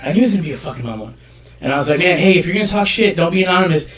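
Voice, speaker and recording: A man telling stories as a photographer guest on a casual podcast, talking in a profane, animated way. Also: high voice, rapid-fire, far from the mic.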